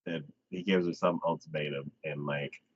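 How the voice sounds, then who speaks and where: A man hosting a live anime podcast, retelling an episode in a casual chat with quick voiced asides. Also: very deep voice, fairly even intonation, husky, dry recording, highs cut off.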